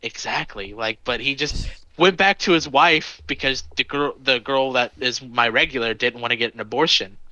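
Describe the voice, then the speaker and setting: A man in his early twenties, a podcast co-host, telling anecdotes in animated, swear-heavy casual chat. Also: medium pitch, moderate pace, dry recording, rough recording. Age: 20s. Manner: animated storytelling, lots of swearing.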